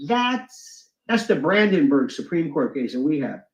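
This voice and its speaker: A man's voice: fairly high pitch, big pitch swings, unhurried. A man talking animatedly about free speech and the law, acting out quotes and courtroom exchanges. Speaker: commentator in a played clip. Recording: roomy, dull lo-fi sound.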